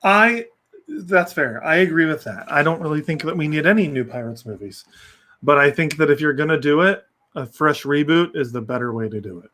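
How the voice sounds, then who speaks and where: Slightly high-voiced man co-hosting a podcast. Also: lively intonation, fairly quick, sharp tone. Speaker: podcast co-host. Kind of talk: casual chat.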